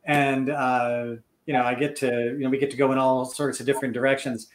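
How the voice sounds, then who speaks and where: A middle-aged man, a podcast guest and author, chatting casually and telling stories with lively acted-out quotes. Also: medium pitch, a little fast, slight background noise. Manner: animated storyteller acting out quoted voices. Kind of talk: casual chat.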